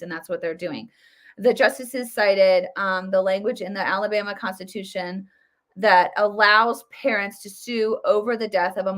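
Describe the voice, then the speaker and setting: A woman's voice: mid-range voice, fairly bright tone. A woman hosting a casual political commentary show, talking in a chatty, opinionated way with many fillers and restarts. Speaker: host.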